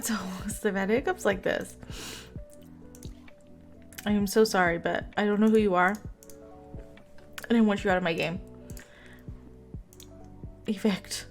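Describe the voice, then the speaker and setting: Young woman streamer, unhurried delivery, hiccups throughout, giggly and apologetic; faint game music under her. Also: medium pitch, fairly bright tone. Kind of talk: casual gameplay commentary.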